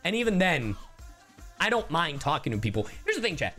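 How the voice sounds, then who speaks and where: A man from Miami, a streamer and voice actor, telling stories to his stream chat in a casual, expressive way. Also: fairly high pitch, brisk, soft background music. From Miami, Florida. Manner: animated, expressive storyteller.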